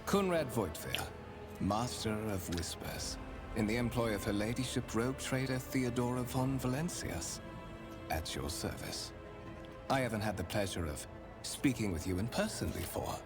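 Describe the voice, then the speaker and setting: An actor playing a courtly, calculating male spymaster in a video game, speaking with formal, measured and faintly menacing courtesy. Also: medium pitch, lively intonation, lightly acted. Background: game music.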